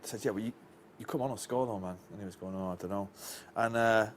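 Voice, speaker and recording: A man's voice: on the low side, quick pace. Rambling Northern English male storyteller. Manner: rambling storyteller, chuckles often, restarts lines. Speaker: interview guest. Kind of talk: casual anecdote telling.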